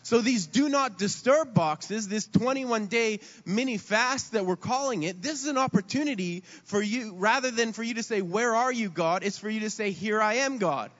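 High-voiced man preaching in a hall. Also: moderate pace, hardly any pauses, fairly bright tone. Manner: earnest, repeats words as he speaks. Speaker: pastor. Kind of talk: sermon. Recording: dull sound with long hall reverb.

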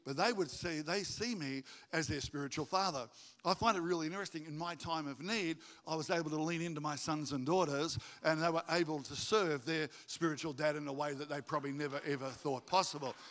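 A man preaching a sermon to his congregation, animated and jokey, acting out stories in high voices. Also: a little fast. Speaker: pastor. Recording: reverberant hall.

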